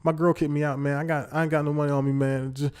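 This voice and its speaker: A man's voice: a little high, flat delivery, quick pace, darkish tone, smooth, pitched above the performer's own voice, lightly acted. A man voicing a pushy young man who asks a stranger for money, wheedling and tacking "man" onto every phrase. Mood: pleading. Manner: wheedling, repeats "man" constantly.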